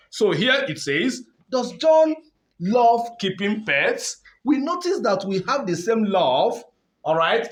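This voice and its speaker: A man giving an online English lesson in a high, very animated voice. He hammers on key words, repeats points and checks in with his learners as he explains. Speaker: English teacher.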